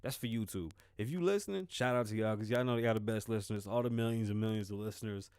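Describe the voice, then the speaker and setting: A man's voice: lowish voice, fast talker, darkish tone, clear, resonant tone, no echo. A man from the Bronx with a Bronx New York accent, hosting a podcast in a loose, rambling monologue, laughing and swearing often, recorded close to the mic. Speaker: podcast host. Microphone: close-up microphone.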